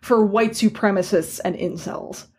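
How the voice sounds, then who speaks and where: A woman's voice: medium pitch, unhurried, darkish tone, husky. A woman guest on a podcast, talking bluntly and swearing freely as she gives her opinions in casual chat.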